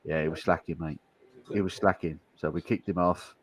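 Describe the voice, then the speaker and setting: A man's voice: sits low, fairly even intonation, moderate pace. A man casually hosting a pub-style live stream, chatting easily and reading out viewer comments. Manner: easygoing, chatty, banters with viewers. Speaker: stand-in live stream host.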